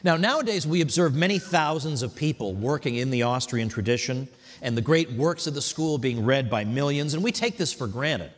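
A man giving a prepared tribute speech at an event, telling stories in a wry, animated way. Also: medium pitch, slightly rough, in a large hall. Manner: wry, animated storytelling with mock voices. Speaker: speaker at an institute event. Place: hotel event hall.

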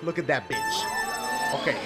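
Man, game commentary, high voice, very animated, profane, shouts and mutters, game music behind. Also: slow. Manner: loud, profane, swings between shouts and low mutters. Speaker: gaming YouTuber.

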